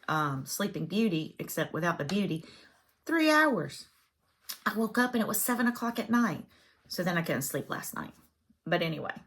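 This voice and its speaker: A woman's voice: fairly low pitch, pushed and bright. A woman chatting casually as a cross-stitch vlogger, self-deprecating and full of fillers. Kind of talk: casual chat.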